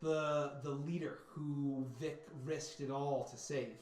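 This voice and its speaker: A man narrating a tabletop game as game master, halting and repeating words as he describes scenes. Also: on the high side, level tone, a little mellow. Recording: echoey room.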